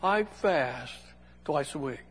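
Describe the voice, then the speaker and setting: Casting: a preacher putting on a pompous, self-satisfied Pharisee man, higher voice, husky edge, long echo. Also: animated, unhurried, exaggerated voice. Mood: smug. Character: smug self-righteous male Pharisee praying. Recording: long hall reverb.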